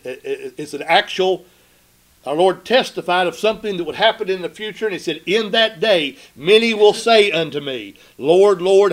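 Emphatic preacher, a man. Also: on the high side. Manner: emphatic, rhetorical questions, slows for scripture. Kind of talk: sermon.

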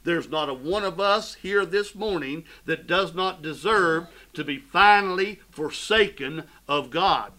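A preacher delivers a fervent sermon, his bright, forceful voice sitting a touch high for a man. He swells loud on key phrases and falls hushed on others, addressing the congregation directly. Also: unhurried, few pauses, rough recording. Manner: fervent preaching with sudden swells and drops in volume. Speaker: pastor.

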